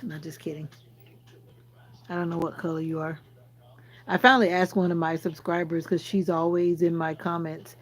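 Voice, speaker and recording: A Jamaican woman from Jamaica with a fairly low voice, fairly even intonation and moderate pace hosts a casual livestream, with long pauses and a rough recording. She chats with viewers, teasing them as she answers their comments.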